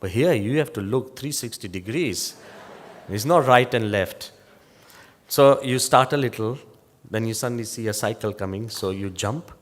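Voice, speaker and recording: An older man from England, a monk giving a motivational talk, telling humorous stories with wry, lively delivery. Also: fairly low pitch, normal speed. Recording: long reverb of a large hall.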